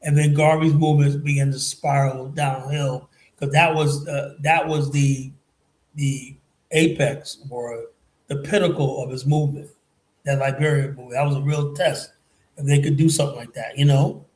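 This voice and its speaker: A man's voice: a little high, steady tone, normal speed, a little mellow, poor audio. A middle-aged man in a casual live-stream chat, telling a long story in a rambling way, swearing often and filling gaps with "you know". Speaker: show regular telling a travel story.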